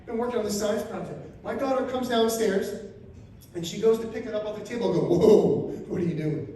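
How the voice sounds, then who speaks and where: A man in his fifties from Florida doing a stand-up comedy set, telling crude stories with loud animated outbursts. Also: high voice, brisk, a little hiss or hum. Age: 50s. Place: RV resort event room, live audience. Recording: very echoey room, voice from far off.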